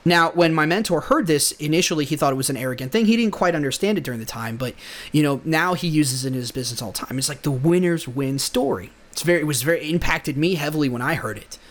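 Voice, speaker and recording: A young man talks through a motivational monologue as a podcast host, earnest and loose, often restarting his sentences. His voice sits a little higher than most men's. The talk stays casual. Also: lively intonation, fast talker, fairly bright tone. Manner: earnest, rambling with many restarts.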